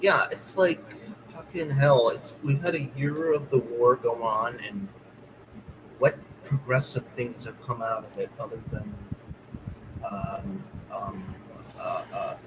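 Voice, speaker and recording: A man on a political voice call, talking in an exasperated, halting way with much swearing. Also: mid-range voice, background noise. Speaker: voice-call guest. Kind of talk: casual political voice-call chat.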